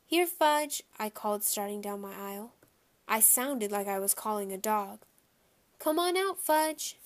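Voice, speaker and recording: A woman voicing a worried nine-year-old boy, an older brother, in a storybook reading, urgent and whispery at times and calling out loudly at others. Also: mid-range voice, monotone, moderate pace, lightly acted.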